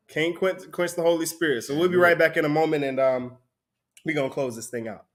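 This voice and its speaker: A man's voice: fairly high pitch, fairly even intonation, brisk. A man preaching a conversational sermon, often breaking into laughter between points.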